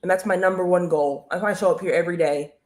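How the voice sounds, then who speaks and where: A woman coaching viewers on a live stream, energetic and repetitive, often urging them to comment and follow. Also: lowish voice, fast talker. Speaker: online business coach hosting a live stream. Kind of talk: motivational live-stream talk.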